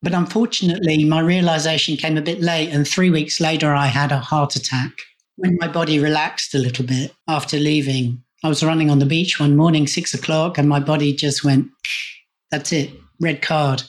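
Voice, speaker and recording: A man's voice: on the high side, fairly even intonation, brisk. A man, a podcast guest and coach, recounting a personal story in a candid, conversational way. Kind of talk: casual storytelling.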